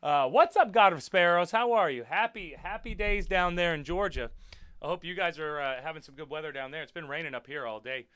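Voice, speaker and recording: A man's voice: on the high side, fairly quick, fairly bright tone, smooth, no room sound. A man who wrestles, hosting a casual livestream and chatting with viewers in a rambling, profane, jokey way. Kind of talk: casual livestream chat reading comments.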